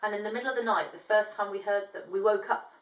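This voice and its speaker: A woman's voice: medium pitch, fast, echoey room, far from the mic, poor audio. A woman reading a children's picture book aloud, lifting her voice for the animals' lines and stopping to explain things in a chatty way. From from outside Australia, now living there.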